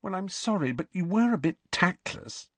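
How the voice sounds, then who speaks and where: A man's voice: sits high, expressive, normal speed, dry recording, voice pushed up. A man voicing a clever teenage girl who explains things with a maddeningly patient air. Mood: sympathetic. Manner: patient, lecturing.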